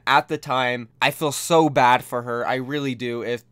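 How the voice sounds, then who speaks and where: A man delivering heated vlog commentary, emphatic and indignant as he addresses his audience directly. His voice is smooth and resonant at a middling pitch, recorded close and dry with no room sound. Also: steady tone, moderate pace, hardly any pauses, fairly bright tone, no echo. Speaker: esports commentary YouTuber.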